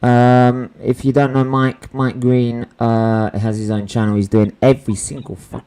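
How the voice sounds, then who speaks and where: A man's voice: medium pitch, little pitch movement, unhurried, dark tone, smooth. A man hosting a live football watchalong stream, chatting casually and rambling with slang and fillers.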